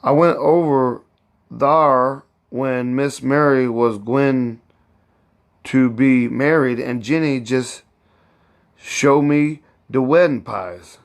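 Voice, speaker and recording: Reading aloud in a slow, mid-range voice, a man takes on the part of a fussy, proud older woman cook. She scolds and boasts in thick old Southern dialect, in a boastful mood.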